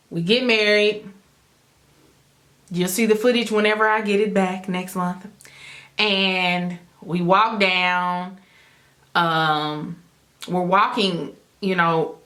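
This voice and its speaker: Woman vlogger, casual storytime delivery, animated and direct to camera. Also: fairly low pitch. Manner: animated, addresses viewers as y'all, acts out her own inner thoughts. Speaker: vlogger telling her wedding story.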